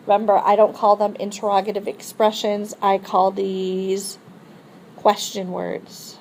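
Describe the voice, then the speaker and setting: A woman's voice: medium pitch, monotone, unhurried, a little mellow, a little hiss or hum, low-quality recording. Woman teaching a French lesson. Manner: explains step by step, models French pronunciation for repetition. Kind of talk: recorded classroom lesson.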